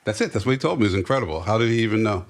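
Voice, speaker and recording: A man co-hosting a podcast, teasing the others with a deadpan delivery in casual chat. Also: on the low side, rapid-fire. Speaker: podcast co-host.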